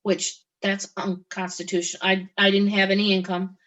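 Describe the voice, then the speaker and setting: A middle-aged woman speaks as an interview guest, recounting her own experience at a mid pitch. Her delivery is halting, breaking off and restarting her sentences, with pauses between thoughts. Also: flat delivery, a bit bright, lo-fi sound. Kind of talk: personal testimony in conversation.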